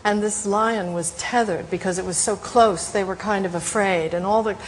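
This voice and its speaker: A woman's voice: medium pitch, fairly even intonation, moderate pace, rough recording. Middle-aged lady on a talk show telling a funny story, laughs a lot, a bit of hiss behind.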